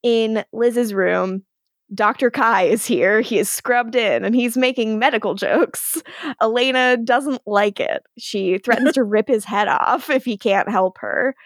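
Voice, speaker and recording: A woman's voice: on the high side, unhurried, no echo, clean studio sound. A woman co-hosting a podcast, recapping an episode in casual chat and laughing often. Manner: giggly, breaks into character voices.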